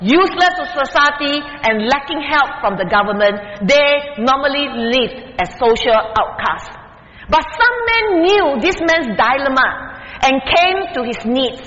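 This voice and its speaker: Bright-voiced preacher in an echoing hall. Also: high voice, expressive. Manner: deliberate, stresses key words with rising emphasis. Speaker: guest preacher. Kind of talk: sermon. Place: church sanctuary at the pulpit. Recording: dull lo-fi sound in a reverberant hall.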